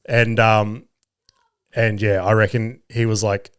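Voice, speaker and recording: A man's voice: on the low side, takes it slowly, smooth. Profane man telling stories. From Australia. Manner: profane, animated, mocking impressions of others. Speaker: podcast host. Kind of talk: casual storytelling monologue.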